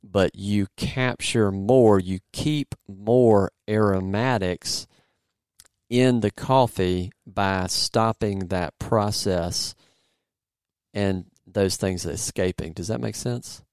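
A man's voice: fairly low pitch, slow, a little mellow, smooth, dry recording. A man hosting a casual podcast, joking around and rambling a bit as he searches for his words. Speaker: podcast host. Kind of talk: casual podcast chat and interview.

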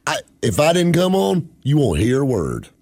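A man's voice: fairly high pitch, wildly swooping pitch, moderate pace, a little mellow, no room sound. A man hosting a radio show, teasing his co-hosts and laughing often in casual banter.

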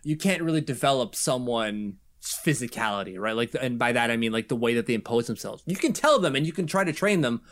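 A man's voice: medium pitch, expressive, fairly quick, hardly any pauses, fairly bright tone. A man co-hosting a casual hockey podcast, talking loosely and laughing often. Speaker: podcast co-host.

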